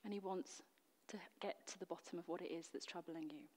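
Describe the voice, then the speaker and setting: A woman's voice: fairly low pitch, fairly quick, darkish tone, in a large hall. A woman preacher delivering a sermon in an earnest, emphatic way, full of rhetorical questions. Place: church.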